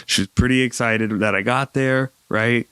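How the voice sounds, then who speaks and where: A man's voice: medium pitch, steady tone, normal speed, a bit bright, clear, resonant tone, no room sound. A hungover young man hosting a comedy podcast, telling a rambling, profane story and laughing often. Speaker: podcast host. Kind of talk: casual storytelling.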